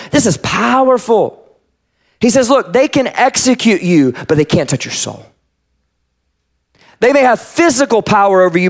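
A male pastor giving a conversational sermon, speaking the scripture he quotes in character. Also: sits high.

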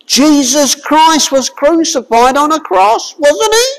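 A high, lively voice preaches a sermon at an unhurried pace. The delivery is forceful and full of rhetorical questions, now and then rising to a shout. The sound rings with the long reverb of a large hall. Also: creaky. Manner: emphatic, fires rhetorical questions at listeners; forceful, raises voice to a shout at times.

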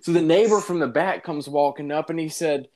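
A man telling a funny personal story in casual chat, animated and often laughing, calling the listener dude. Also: fairly high pitch, a little fast.

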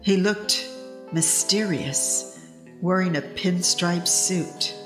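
A woman's voice: on the low side, slow pace, echoey room, music in the background. A woman narrating a scripted audio story in a dry, wry, matter-of-fact way.

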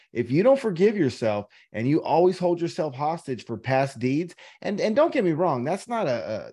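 A man's voice: fairly high pitch, mellow. A man co-hosting a podcast, giving blunt, profane life advice in an emphatic, preachy way. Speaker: podcast co-host. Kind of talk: casual chat.

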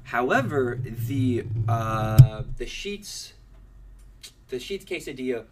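A man's voice: medium pitch, lively intonation, heavy background noise. A young man co-hosting a podcast in casual chat, joking and rambling as he talks. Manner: joking, rambling, quick to laugh. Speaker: podcast co-host.

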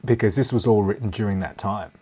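A man with a low, husky voice talks loosely and easily as an interview guest. He rambles a little and laughs often. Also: fast talker, warm tone. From Australia. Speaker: guitarist and producer, guest. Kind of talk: casual interview chat.

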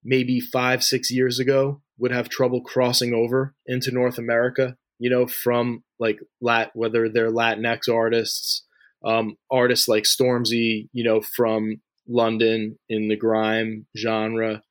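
Man with a flat, chatty delivery. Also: medium pitch, unhurried, no echo. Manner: loose and talky, heavy on fillers like "you know" and "like", frequent restarts. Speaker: interview guest, music industry figure. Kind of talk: conversational interview answers.

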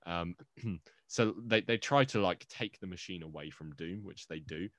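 A man's voice: low voice, normal speed, a bit bright, no echo. A man co-hosting a movie podcast in casual, rambling, jokey chat, often interrupting himself. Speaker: podcast co-host.

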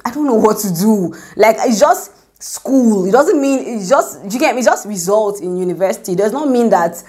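A woman's voice: mid-range voice, lively intonation, moderate pace, a little mellow. A young woman giving an informal devotional talk. She speaks in a chatty way, often asks "do you get me?", and acts out the voices she quotes. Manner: conversational, repeats "do you get me?"; acts out quotes, drops to a whisper for prayers. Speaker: Christian speaker.

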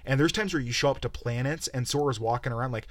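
A young man hosting a podcast rants about a game in a casual, profane, exasperated review that rambles on, recorded on a close mic. He talks fast at a medium pitch, with no echo.

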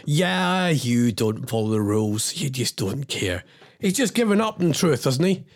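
A man's voice: mid-range voice, sing-song, a little slow. A middle-aged man hosts a radio show, and he rants and rambles in exasperation with wry asides. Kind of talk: ranting radio chat.

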